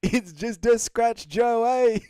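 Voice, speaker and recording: A man putting on a New Zealand accent to impersonate a tough, cheeky fighter, loud and drawn-out. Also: clean tone, no echo, studio quality. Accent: New Zealand (imitated). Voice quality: loud, high, drawn-out and hooting.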